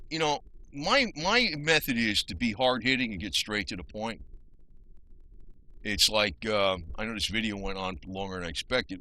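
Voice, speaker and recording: A man's voice: mid-range voice, bright, forceful tone, rough recording. A man with a New Jersey accent ranting heatedly in a casual video, rambling with restarts and mild swearing. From New Jersey, USA. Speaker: channel host.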